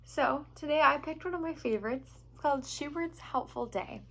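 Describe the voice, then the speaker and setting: A woman's voice: high voice, normal speed. Cheerful woman reading aloud to young children. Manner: gentle and expressive, talking to young children. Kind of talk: storybook read-aloud for children.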